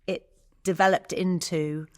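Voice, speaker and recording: Woman host gently prompting, lowish voice. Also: fairly even intonation, unhurried. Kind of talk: interview conversation.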